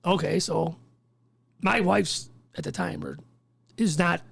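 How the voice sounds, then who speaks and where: A man, a firefighter guest, telling his story in casual podcast chat, animated and swearing as he acts out what others said. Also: a little high, takes it slowly, gravelly, slightly rough, dry recording. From Chicago.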